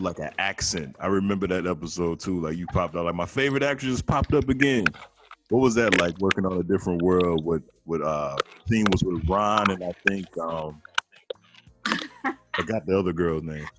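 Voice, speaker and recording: A man's voice: low voice, normal speed, background noise. A man hosting a casual podcast interview, asking eager fan-like questions. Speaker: podcast host.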